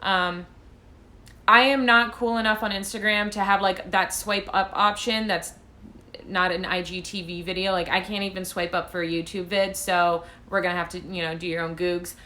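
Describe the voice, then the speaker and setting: A woman's voice: on the low side, fairly even intonation, normal speed, sharp tone. A woman tarot reader chatting casually on a phone live stream, rambling and self-deprecating as she answers viewer questions. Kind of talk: casual livestream chat.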